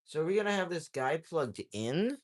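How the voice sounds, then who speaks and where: A man's voice: fairly high pitch, big pitch swings, moderate pace. Jokey young man streaming while drawing. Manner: reads chat aloud, jokey, drifts loud to mumbling. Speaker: livestreaming artist. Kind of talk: casual livestream chat while drawing.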